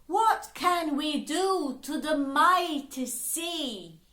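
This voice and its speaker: A woman voicing a gentle, humble male bird god in a slow storybook reading. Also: high voice, expressive, pitched above the performer's own voice, full character voice. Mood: reassuring. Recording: roomy echo.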